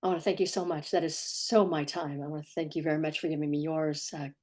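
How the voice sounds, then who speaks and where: Middle-aged woman, lowish voice, parenting coach talking to camera, firm and emphatic, repeats her points. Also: steady tone, fast talker, darkish tone. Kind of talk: direct-to-camera advice talk.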